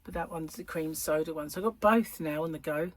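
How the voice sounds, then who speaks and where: Husky woman chatting casually at home. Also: deep voice, a little fast, no room sound. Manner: chatty, laughs often, rambling asides. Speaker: crochet channel host. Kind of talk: casual chat to camera. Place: at home, indoors.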